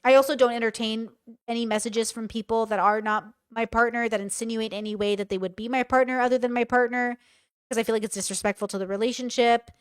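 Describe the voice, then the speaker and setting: A woman's voice: on the high side, steady tone, fast, clear, resonant tone, no room sound, studio quality. A young woman reading a couple's messages aloud and giving her blunt, casual commentary on them. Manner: reads messages aloud and comments frankly, swearing. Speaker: commentary streamer.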